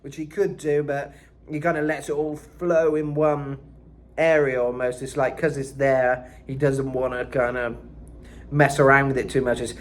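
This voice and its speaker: A man's voice: medium pitch, level tone, moderate pace, a little hiss or hum. A man giving a casual vocal lesson, talking loosely with lots of "kinda" and "you know.". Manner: breaks into screamed metal demos. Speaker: vocal coach.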